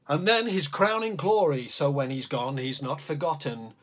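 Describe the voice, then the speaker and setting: A man's voice: moderate pace, slight background noise. A man hosting a children's drawing show, reading a comic poem aloud in a playful voice, then chatting as he sets up to draw. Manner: lively and playful, swooping pitch.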